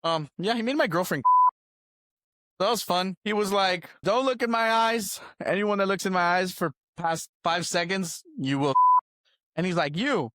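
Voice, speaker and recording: A man's voice: high voice, moderate pace, a bit bright, dry recording, studio quality. A young man hosting a podcast, animatedly retelling a night out, laughing often and acting out what people said. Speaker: podcast host. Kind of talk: casual storytelling chat.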